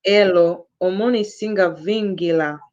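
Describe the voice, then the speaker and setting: Adult female learner, mid-pitched, careful hesitant reading, muffled online audio. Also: a little slow, darkish tone. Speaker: student. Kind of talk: reading practice phrases aloud.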